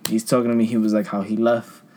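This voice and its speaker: A young man on a casual podcast, telling profane, animated stories about work and acting out customers. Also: fast, slight background noise. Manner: animated, profane, acts out customers in higher voices. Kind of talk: casual storytelling chat.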